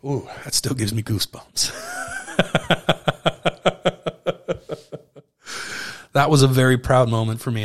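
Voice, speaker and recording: A man recounts something from his own life on his podcast, keeping it loose and lively with the occasional curse and acted-out conversations. His voice is medium in pitch.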